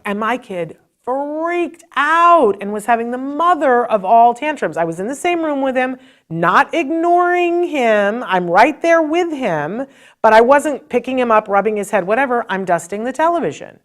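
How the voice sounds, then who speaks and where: A woman's voice: fairly high pitch, animated, normal speed. Earnest middle-aged woman telling a story. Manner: earnest, emotional, conversational with fillers. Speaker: podcast host and parent. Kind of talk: personal storytelling advice talk.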